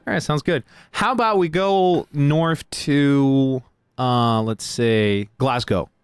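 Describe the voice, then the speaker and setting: A man's voice: medium pitch, takes it slowly, smooth, no echo, clean studio sound. A man hosting a casual livestream interview, laughing often and restarting his sentences. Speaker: stream host.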